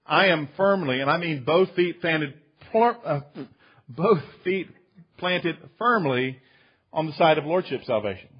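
Husky-voiced male pastor preaching. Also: a little high, lively intonation, dull audio. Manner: emphatic, slows down to stress key phrases; addresses listeners as friends, with some restarts. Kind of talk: sermon.

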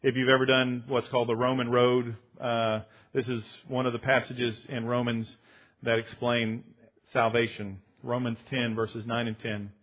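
Husky-voiced male pastor preaching. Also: mid-range voice, level tone, highs cut off. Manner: emphatic, slows down to stress key phrases; addresses listeners as friends, with some restarts. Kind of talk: sermon.

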